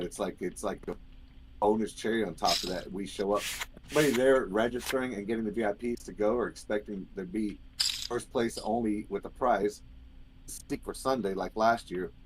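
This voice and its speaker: Low-voiced man explaining tournament rules. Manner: easygoing, explanatory, rambling. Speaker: poker event organizer. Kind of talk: casual stream talk. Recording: noisy stream audio.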